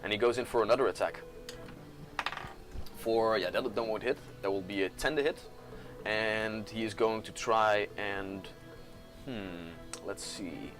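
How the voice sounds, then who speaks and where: A man's voice: lowish voice, unhurried, pauses often, over music. Man running a tabletop game as game master. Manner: relaxed, narrates dice results and gory descriptions.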